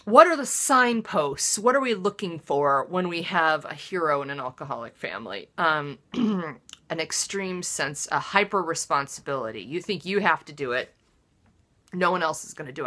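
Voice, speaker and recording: Bright-voiced comic woman, mock-dramatic. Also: low voice, expressive, normal speed. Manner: mock-dramatic, swings from loud outbursts to muttered asides. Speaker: comedy show host. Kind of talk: deadpan self-deprecating comic monologue.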